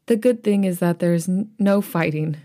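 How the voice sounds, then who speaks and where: A woman's voice: on the low side, normal speed, mellow. A woman co-hosting a podcast, reading a story aloud and chatting casually, with laughter breaking in between passages. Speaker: podcast co-host reading fan fiction aloud.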